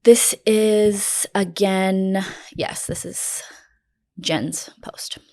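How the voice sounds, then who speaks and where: A woman's voice: medium pitch, fairly even intonation, very slow, a little mellow. A woman in her late twenties who hosts a true crime podcast and tells the story in a blunt, sarcastic way, swearing freely. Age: late 20s. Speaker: podcast host.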